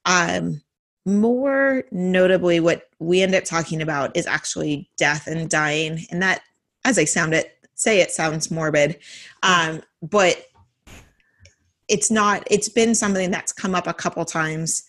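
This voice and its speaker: A woman in her thirties talks casually about raising her children. Her voice sits a little low. She speaks thoughtfully and hesitantly, with many fillers. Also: unhurried, fairly bright tone. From Oregon, United States. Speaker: mother, conversation partner. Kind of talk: casual chat.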